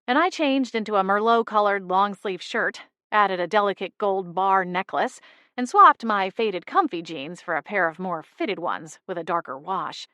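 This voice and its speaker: A woman narrating a novel in the first person as an audiobook, wry and lively. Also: medium pitch, moderate pace, no room sound.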